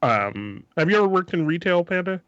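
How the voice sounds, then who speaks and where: A man co-hosting a casual podcast chat, animated and profane, breaking into laughter. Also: sits high, brisk, no echo, lo-fi sound. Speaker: podcast co-host.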